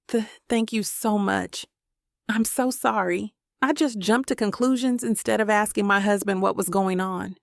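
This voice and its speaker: A woman's voice: medium pitch, creaky, no echo. A woman reading a first-person romance audiobook in an earnest, emotional way, close to the microphone. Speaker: audiobook narrator.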